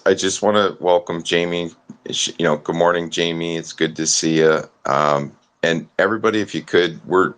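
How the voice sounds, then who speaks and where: Man, very low voice, easygoing host of a casual online talk. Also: fairly bright tone. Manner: laughs easily, informal, welcomes listeners. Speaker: host of an online audio space. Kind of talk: casual chat and hosting.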